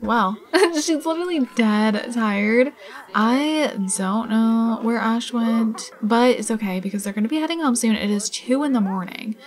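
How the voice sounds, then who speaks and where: A woman's voice: a little high, a little slow. A young woman casually commenting on her life-sim game, chatty and gushing, full of "like" and "oh my god". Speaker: gaming channel host. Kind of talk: casual let's play commentary.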